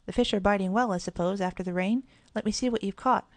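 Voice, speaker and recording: A woman reading aloud and voicing an excitable little girl who worries easily, in a storybook. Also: quick pace, dry recording, clean studio sound, close to an everyday voice. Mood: teasing. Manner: high, breathless exclaiming.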